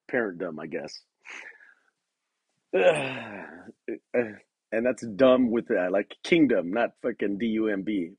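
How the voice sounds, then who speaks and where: Husky, cursing man ranting solo. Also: mid-range voice, dry recording. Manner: profane, rambling, laughs often; halting, many restarts and fillers. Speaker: podcast host. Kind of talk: rambling solo rant.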